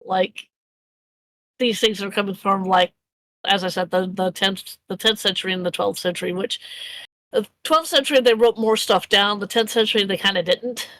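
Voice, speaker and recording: A woman's voice: medium pitch, normal speed, a bit bright, dry recording, rough recording. A woman narrating a tabletop game as game master, rambling with many fillers and restarts.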